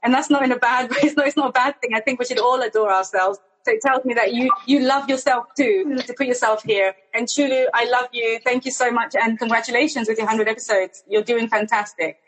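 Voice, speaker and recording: A woman's voice: fairly high pitch, steady tone, brisk, few pauses, rough recording. A woman therapist speaking as a guest in a casual chat, earnest and heartfelt, often repeating words.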